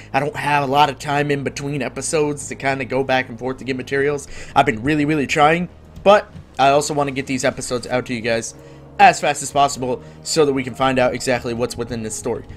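A man's voice: medium pitch, fairly even intonation, fast talker. Upbeat man chatting over gameplay. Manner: upbeat and rambling, swears casually. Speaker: gaming video host. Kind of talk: casual gameplay commentary.

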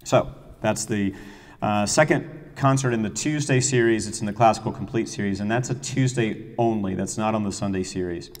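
Middle-aged male music director, chatty and enthusiastic, low voice, long echo of a hall. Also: moderate pace. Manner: chatty, enthusiastic storyteller with fillers. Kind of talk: casual season announcement talk.

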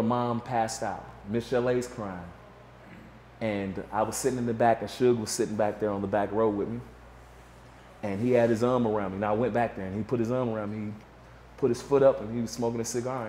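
A man's voice: lowish voice, reverberant, a little hiss or hum. A man guest in a casual interview, telling a story and acting out what others said. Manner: animated storyteller, acts out quotes.

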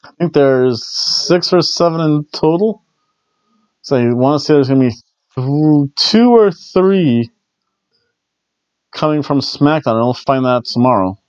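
A man's voice: a little high, animated, unhurried, pauses often, darkish tone, clean tone, no echo, highs cut off. A man hosting a casual wrestling review show, rambling with jokey asides. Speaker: wrestling review podcast host. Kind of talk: casual recap commentary.

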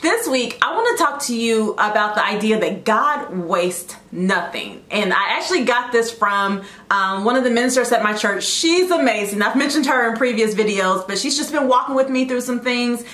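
A woman in her late thirties gives a casual, encouraging devotional talk with a bright, fairly high voice. She talks warmly and chattily and keeps adding side notes. The room around her rings with noticeable echo. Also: lively intonation, normal speed, few pauses. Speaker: host of a faith talk show.

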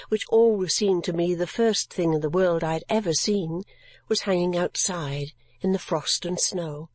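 A woman narrating a classic novel as an audiobook, in a gentle, measured storytelling manner. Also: mid-range voice, no room sound.

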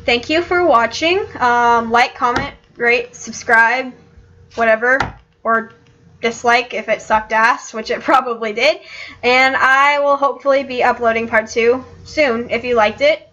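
A woman's voice: on the high side, fairly even intonation, a little slow, pushed and bright, lo-fi sound. A woman hosting a let's play, doing casual game commentary in a joking, offhand way.

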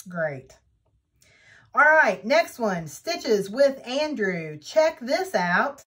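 Her mid-range voice has a bit of brightness as she hosts her needlework vlog. In a casual, enthusiastic show-and-tell chat, she shows off her projects.

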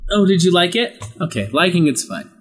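Excitable guy yelling at a platformer, voice bounces all over, bit of music behind. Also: high voice, fairly quick, slightly rough. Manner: excitable, yelps and laughs often. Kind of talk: casual gameplay commentary.

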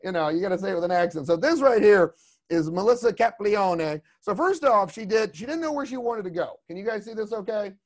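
A man's voice: high-pitched, animated, brisk. A man teaching a creature design class over a video call, chatty and rambling with lots of asides. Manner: rambling, chatty, lots of "you know what I mean". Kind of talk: casual online class talk.

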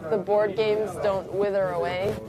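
A woman's voice: mid-range voice, level tone, measured pace. A young woman streaming from a board game cafe, chatting casually and talking to her viewers. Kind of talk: casual chat. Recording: noisy cafe crowd behind. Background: crowd chatter.

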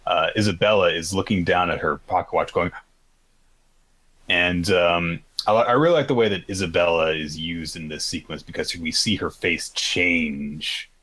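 A man's voice: low-pitched, normal speed, a bit bright. A man co-hosting a podcast, retelling a story in a rambling casual chat with lots of fillers and the odd swear. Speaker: podcast co-host.

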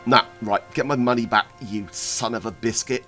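A man giving excitable, self-mocking commentary while playing a video game. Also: medium pitch, moderate pace, faint music behind. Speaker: gaming YouTuber. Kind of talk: let's play commentary.

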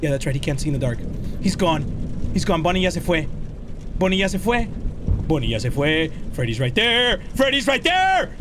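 A man's voice: a little high, animated, a little fast, long pauses, background noise. A man giving frantic horror-game commentary as a gaming YouTuber, yelping, swearing and slipping into Spanish.

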